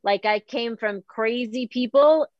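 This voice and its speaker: A middle-aged woman from Boston, talking candidly in a slightly high voice. She is animated and self-deprecating and keeps quoting her own past thoughts. The sound is dry and a little dull. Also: a little slow, dry recording. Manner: animated, self-deprecating, quotes herself often. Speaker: podcast guest. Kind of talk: candid conversational chat.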